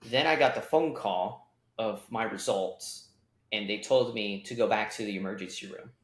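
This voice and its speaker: A man's voice: lowish voice, normal speed, a bit bright. A man on a podcast, telling a story in a plain, matter-of-fact way. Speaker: podcast co-host. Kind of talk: casual chat. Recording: roomy echo.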